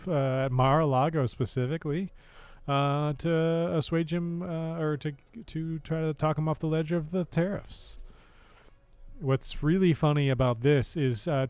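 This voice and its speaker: An American man streaming casual political commentary, sarcastic and laughing often, with halting speech full of fillers and restarts. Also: medium pitch, darkish tone, clean tone, no echo. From United States.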